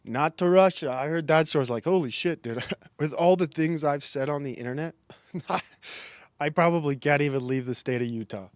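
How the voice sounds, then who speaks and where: A slightly fast, somewhat high-voiced young man, a streamer and comedian, runs through a rambling comedic monologue while reading the chat. He's self-deprecating, often laughing and restarting, and the audio has no echo.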